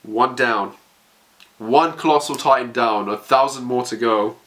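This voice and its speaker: A man's voice: mid-range voice, unhurried, fairly bright tone. A man emotionally reacting as he reads a manga chapter aloud, stammering and narrating what happens.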